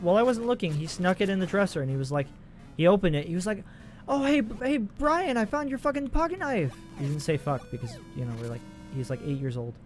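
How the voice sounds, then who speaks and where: A man in his twenties giving casual, profane, rambling commentary while playing a video game. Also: fairly high pitch. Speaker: let's play host.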